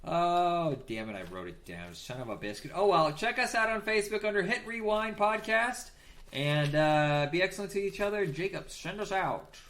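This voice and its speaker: A man's voice: high voice, moderate pace, fairly bright tone. A man co-hosting a podcast, joking and swearing in casual chat while his voice is giving out. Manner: goofy, jokey, swears a lot. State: losing his voice. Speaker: podcast co-host.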